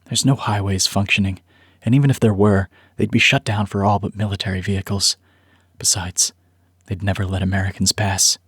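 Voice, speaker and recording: Man playing a stubborn father, blunt, exasperated, low husky voice, dry sound. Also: fairly even intonation, a little fast, a bit bright, no room sound. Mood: frustrated. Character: stubborn, frustrated American father.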